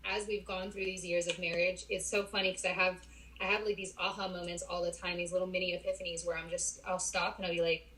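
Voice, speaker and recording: A woman, a clinical psychologist, chatting as a podcast guest, animated and laughing often as she tells stories. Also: fairly low pitch, fast talker, slight background noise, poor audio. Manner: animated storyteller, laughs often, quotes her parents. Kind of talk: casual podcast conversation. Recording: audio-only podcast.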